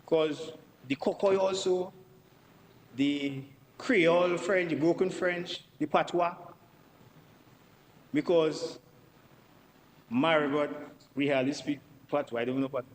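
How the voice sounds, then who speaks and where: A Dominican-accented MP speaks slowly, with long pauses, in a slightly high voice during a budget debate. Emphatic and repetitive for effect, he addresses the Speaker, and the chamber adds long reverb plus faint background noise.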